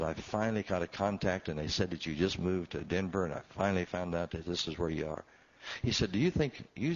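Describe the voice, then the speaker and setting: Low male voice, earnest testimony storyteller who acts out quoted voices, dull lo-fi recording. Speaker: testimony speaker.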